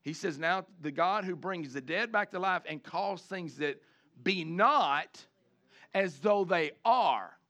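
A man preaching a sermon, animated, switching between chatty asides and loud shouted lines, acting out the people he quotes. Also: high-pitched, takes it slowly. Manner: acts out the congregation and the people he quotes. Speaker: pastor.

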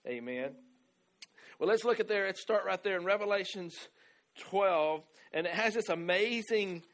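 A man preaching a sermon, moving between quiet conversational asides and loud emphatic declarations, often adding "right?" and "amen". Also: on the high side. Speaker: pastor.

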